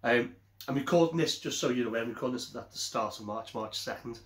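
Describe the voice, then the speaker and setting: A man's voice: medium pitch, fast. Rambling man reviewing beer. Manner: rambling, self-correcting, chatty. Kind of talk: casual beer review vlog. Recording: echoey room.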